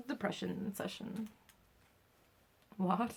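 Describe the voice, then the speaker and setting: A young woman vlogger tells a personal story in a loose, chatty style, filling her sentences with "like" and the odd swear word. Her voice has a noticeable gravelly fry, and she sits at a middle pitch for a woman. She acts out her own reactions as she goes. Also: moderate pace. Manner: chatty, heavy use of "like" and swearing. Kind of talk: casual storytelling to camera.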